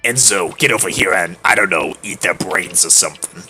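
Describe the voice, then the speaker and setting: A man's voice: low voice, a little fast, bright, forceful tone, faint music behind. A man voicing a vain, bossy teenage schoolmate in a haughty tone.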